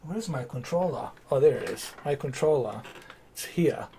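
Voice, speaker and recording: A man's voice: medium pitch, lively intonation, moderate pace, mellow, slight background noise. A man chatting casually on a live game stream, rambling with lots of fillers and restarts.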